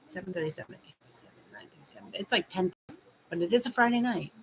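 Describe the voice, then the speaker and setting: A woman's voice: mid-range voice, very fast, a little hiss or hum. A Canadian woman in her thirties hosting a casual live stream from home, chatting with viewers in a teasing manner and laughing often. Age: 30s.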